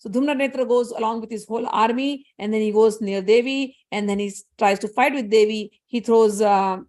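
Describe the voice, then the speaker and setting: A woman casually retelling a scripture story in a conversational way, with fillers and bursts of fast Sanskrit chanting. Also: on the high side, darkish tone.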